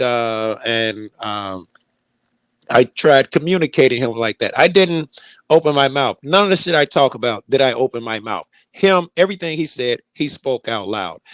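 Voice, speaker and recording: A man's voice: mid-range voice, dry recording. A man telling a long personal story in casual talk, rambling and profane, full of fillers and restarts.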